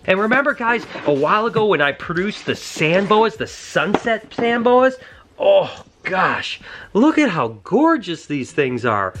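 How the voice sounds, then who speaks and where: Middle-aged male vlogger, animated and excitable, casual shop walkthrough with a faint music bed. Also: medium pitch. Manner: excited, gushing, exclamatory. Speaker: reptile breeder and vlogger. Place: reptile shop, indoors.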